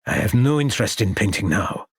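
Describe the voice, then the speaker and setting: A man's voice: on the low side, expressive, fairly quick, breathy edge, no echo, studio quality. A man reading the part of an aging, reclusive French painter who is guarded and grieving, speaking in a muttering way. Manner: muttering, guarded, then anguished.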